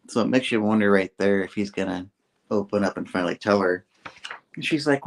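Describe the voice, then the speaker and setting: Guy hosting a comic review, retells scenes, does the characters' lines higher. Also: normal speed, long pauses. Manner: acts out character lines with raised pitch. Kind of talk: casual chat retelling a comic.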